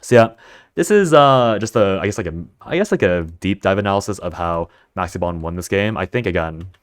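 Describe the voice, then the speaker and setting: A man's voice: low-pitched, animated, fairly quick, dry recording, clean studio sound. A man giving a casual gameplay breakdown of a card game, thinking aloud and correcting himself mid-sentence.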